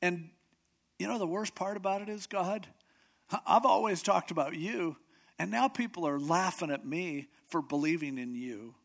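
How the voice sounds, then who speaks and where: A man preaching a sermon in a conversational, expressive way, often acting out what people say. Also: high voice, normal speed, creaky. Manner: conversational, expressive, acts out quotes.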